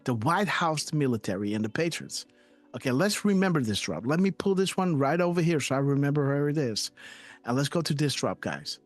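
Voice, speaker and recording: A man's voice: on the high side, lively intonation, a little fast, faint music behind. A man hosting a live online show, reading posts aloud in emphatic casual commentary and often adding "right?" and "you know". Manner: emotional, trailing off softly at ends.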